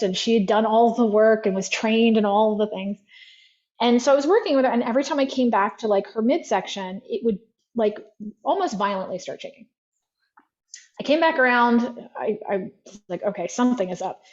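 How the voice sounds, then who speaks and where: A woman's voice: mid-range voice, muffled recording. A woman practitioner speaking as a guest, telling stories in an easy chatty way with many "like" fillers. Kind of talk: conversational storytelling.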